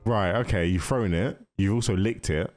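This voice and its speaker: A man hosting a casual movie reaction, chatty and excitable, talking straight to the characters on screen. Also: low voice, normal speed, faint music behind. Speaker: reaction video host.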